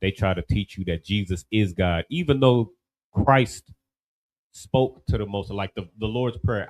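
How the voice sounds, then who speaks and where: A man leads a relaxed class. His voice sits fairly low. He talks loosely and keeps checking in with his listeners. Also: measured pace, rough recording. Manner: loose and conversational, many "you know what I mean" asides. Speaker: class teacher. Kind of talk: casual classroom teaching.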